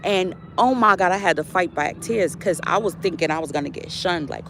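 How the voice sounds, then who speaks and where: A young adult woman who vlogs about spirituality tells a story while out on a walk, her voice fairly low, moderately paced, and a bit bright. Her casual monologue is full of fillers and preachy asides, with slight background noise.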